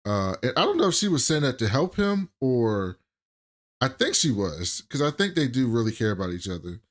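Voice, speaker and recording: A man's voice: medium pitch, very animated, normal speed. A man co-hosting a podcast, casually retelling a TV episode in loose, profane chat. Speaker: podcast co-host.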